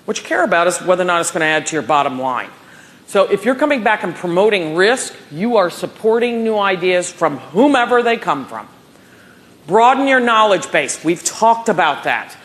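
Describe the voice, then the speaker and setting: A woman's voice: medium pitch, fairly bright tone. A woman in her forties giving a motivational keynote at a professional conference, telling stories and acting out dialogue. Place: conference hall stage.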